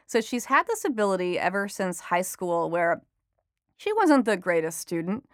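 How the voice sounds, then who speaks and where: A woman's voice: medium pitch, big pitch swings, moderate pace, dry recording. Woman chatty reporter guest, laughs easily, lots of ums, close dry mic. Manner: chatty, laughs often, many fillers. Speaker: entertainment reporter and author. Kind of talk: conversational interview answers.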